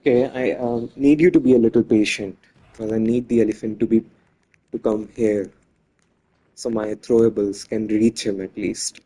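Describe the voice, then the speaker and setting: Husky, mellow-voiced man narrating gameplay. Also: on the low side, fairly even intonation, normal speed, poor audio. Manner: chatty, self-correcting, talks to viewers. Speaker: gameplay commentator. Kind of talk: casual let's-play commentary.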